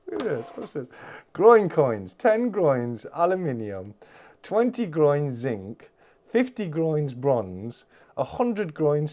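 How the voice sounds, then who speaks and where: A man's voice: a little high, very animated, slow. A man hosting a live-stream unboxing, talking casually and gushing with exclamations. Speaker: channel host.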